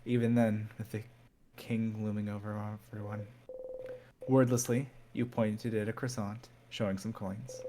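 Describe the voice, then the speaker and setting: A man's voice: lowish voice, flat delivery, measured pace, background noise. Man reading game text with dramatic build. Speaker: game streamer.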